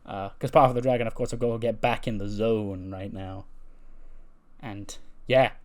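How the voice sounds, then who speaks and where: A young man with a relaxed, rambling way of talking, casually recapping a simulation game as the host. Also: on the low side, moderate pace. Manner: relaxed, rambling, loose slang. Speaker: let's-play host.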